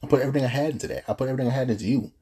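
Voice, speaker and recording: A man's voice: mid-range voice, fairly even intonation, racing, dark tone, slightly rough. Earnest young man telling his story. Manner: earnest, rambling, with frequent restarts and fillers. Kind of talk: casual personal storytelling.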